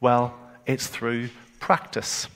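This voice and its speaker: A man's voice: medium pitch, level tone, takes it slowly, a bit bright, long reverb tail. A man with a Northern Irish accent preaching a sermon in a conversational way, often repeating words as he starts a phrase. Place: church hall in England.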